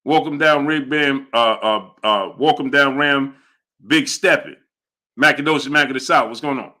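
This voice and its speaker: Speaking at a normal speed with a medium pitch, a young man runs a live boxing stream and reads viewer Super Chats aloud. He stays animated and emphatic, repeating lines to drive home his points.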